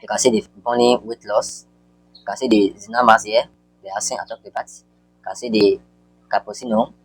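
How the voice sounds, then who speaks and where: A man walking viewers through an online marketing tutorial on screen, talking in a halting way with repeated words and many fillers. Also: on the low side, steady tone, slightly rough, no echo, rough recording.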